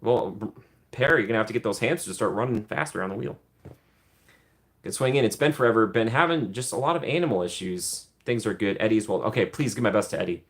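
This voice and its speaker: He has a fairly low, fairly bright voice and talks fast. The man is hosting an informal livestream Q&A, reading viewers' chat aloud and replying in a chatty manner with frequent laughs and lots of ums.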